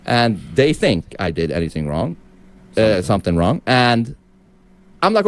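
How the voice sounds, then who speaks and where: A man's voice: lowish voice, sing-song, unhurried, pauses often. A man hosting a reaction stream, talking in a casual, profane and defensive way about a dispute. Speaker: streamer reacting to a podcast clip.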